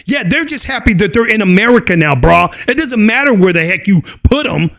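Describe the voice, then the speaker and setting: High-voiced man ranting with scorn. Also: animated, fairly quick, gravelly, fairly bright tone. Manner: mocking, scornful, laughs often. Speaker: channel host. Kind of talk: ranting commentary video.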